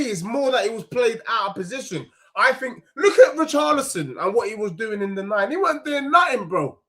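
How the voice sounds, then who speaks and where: A young man with a London accent, venting about his football team with a heated, slangy edge. His voice sits very high for a man, and he hammers the same points again and again as he streams a match reaction. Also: a bit bright. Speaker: football fan channel host.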